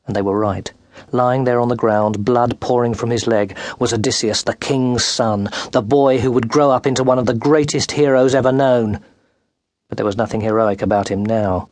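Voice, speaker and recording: A man narrating a children's storybook with animated, dramatic delivery that rises and quickens with the action, recorded close in a studio. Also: mid-range voice, dry recording. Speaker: audiobook narrator. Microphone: close studio microphone.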